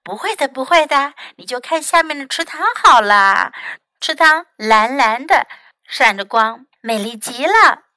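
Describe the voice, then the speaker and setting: A woman voicing a cheerful, kind female duck in a children's story, speaking slowly and sweetly. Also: sits high, animated, no room sound, exaggerated voice. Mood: soothing. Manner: slow, bright, soothing storybook voice.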